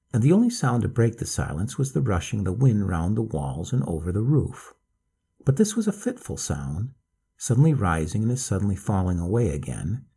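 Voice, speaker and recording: Male audiobook narrator, low gravelly voice, lively intonation. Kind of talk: scripted storybook narration.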